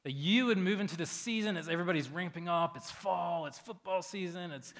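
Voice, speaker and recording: A man's voice: a little high, animated, moderate pace, hardly any pauses, a bit bright. A man preaching a casual sermon as pastor, talking loosely and conversationally with lots of fillers.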